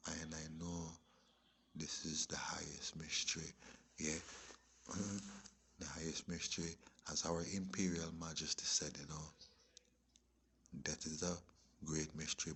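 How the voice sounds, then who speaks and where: A man giving rambling spiritual commentary, lecturing and checking in with listeners, often dropping into a hushed whisper. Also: deep voice, gravelly, slightly rough. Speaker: religious commentator. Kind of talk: rambling spiritual commentary over video clips.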